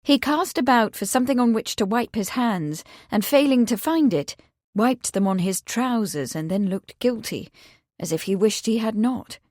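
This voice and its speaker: A woman narrating an audiobook in a measured, even storytelling manner. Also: on the high side, dry recording, studio quality. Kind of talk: scripted narration.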